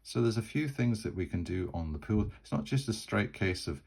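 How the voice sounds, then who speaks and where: A man's voice: fairly low pitch, expressive, normal speed, vocal fry, few pauses, a little mellow, breathy edge, poor audio. A man narrating his solo tabletop role-playing game in a rambling, chatty way. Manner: rambling, many fillers and restarts.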